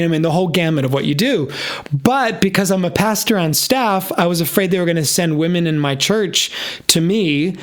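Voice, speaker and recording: A man in his fifties, a pastor, earnestly and emotionally telling his personal story in an interview. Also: sits high. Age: 50s. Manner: earnest, openly emotional, animated retelling. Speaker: guest, pastor.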